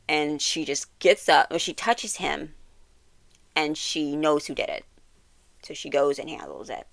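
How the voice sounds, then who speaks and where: A woman giving a casual, rambling recap of a TV series, full of "like" fillers and quick self-corrections. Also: sits low, gravelly, no echo. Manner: quotes characters with animated bursts and laughs. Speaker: YouTuber reviewing a TV series. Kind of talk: casual episode recap and commentary.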